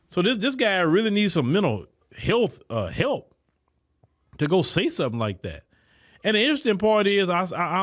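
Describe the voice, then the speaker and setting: A man hosts a podcast, delivering an indignant political commentary monologue and repeating words when heated. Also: fairly high pitch. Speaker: podcast host.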